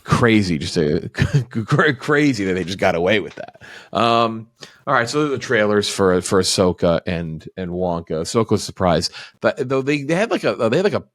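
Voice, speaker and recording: Low-voiced male host, dry sound, loose rambling delivery full of fillers. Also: big pitch swings, moderate pace, no echo. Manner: rambling, many fillers and restarts; swears casually. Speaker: podcast host. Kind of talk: casual chat.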